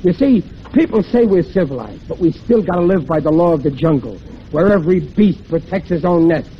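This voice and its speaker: A man's voice: a little high, lively intonation, a little fast, close to an everyday voice. An actor playing a blustering husband and father who talks tough and ungrammatical, in 1940s radio comedy style. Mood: scheming. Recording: muffled old radio broadcast with faint hiss.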